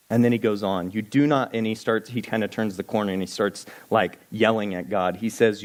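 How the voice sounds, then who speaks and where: A man's voice: on the low side, steady tone, brisk, hardly any pauses. A man giving a sermon as pastor, talking earnestly and conversationally, reading scripture passages aloud.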